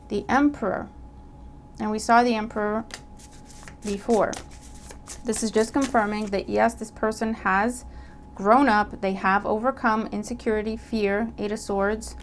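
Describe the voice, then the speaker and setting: Woman, casual tarot reader, animated, addresses the viewer directly, mid-range pitch, faint background hiss. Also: unhurried. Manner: animated, acts out imagined dialogue; checks in with listener, repeats herself. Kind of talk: casual tarot reading to camera.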